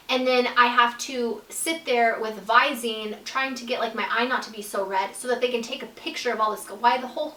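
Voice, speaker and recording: A young woman vlogger tells a casual, blunt, profane storytime packed with "like" fillers. Her voice is a little high and a bit bright, and the recording has a roomy echo with her sitting a bit far from the mic.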